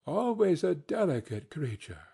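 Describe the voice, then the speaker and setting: A man voicing a calm, grave spirit who speaks quietly and deliberately in a storybook reading. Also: on the high side, gravelly, breathy edge, heavily acted. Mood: solemn. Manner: quiet, measured.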